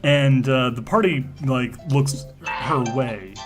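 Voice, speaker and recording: A male game master narrates a tabletop role-playing session at a middling pitch, stumbling through fillers and restarts as he builds the scene. Faint music plays in the background. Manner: halting, full of fillers and restarts.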